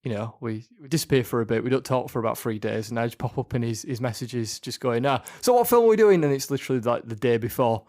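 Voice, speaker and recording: A man chats casually on a podcast in an ordinary, middle-pitched voice. He rambles a bit, filling gaps with ums and circling back to finish his points. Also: flat delivery, quick pace, hardly any pauses, darkish tone. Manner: rambling, many fillers and restarts. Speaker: podcast co-host. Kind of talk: casual chat.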